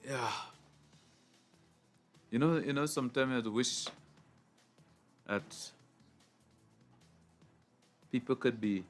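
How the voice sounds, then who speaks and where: Male radio host, mid-pitched, short plain prompts to callers. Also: slow, long pauses, faint music behind. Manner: brief, matter-of-fact prompts to callers. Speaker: radio talk show host. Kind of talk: call-in radio hosting.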